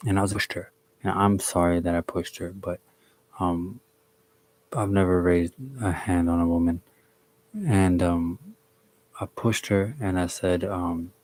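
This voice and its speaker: Young man, low voice, flat delivery, halting storytelling, lots of restarts, blunt and sweary, chatting to a live stream. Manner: halting, with many restarts and fillers. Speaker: live streamer reading chat. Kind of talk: casual storytelling to a live chat.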